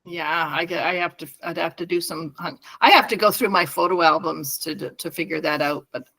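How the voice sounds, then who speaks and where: A woman's voice: lowish voice, fairly quick, creaky, fairly bright tone. A middle-aged woman co-hosting a podcast, rambling through family stories in casual chat and laughing often. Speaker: podcast co-host.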